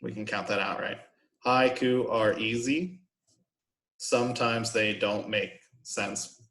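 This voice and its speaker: A man teaching a college poetry class in an informal recorded lecture, explaining patiently with frequent "um"s and "right?" asides. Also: mid-range voice. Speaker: college instructor.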